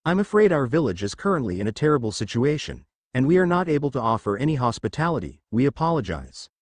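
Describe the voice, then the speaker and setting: A man's voice: mid-range voice, big pitch swings, fast talker, no echo. A man voicing a frightened old goblin elder who pleads humbly. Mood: pleading.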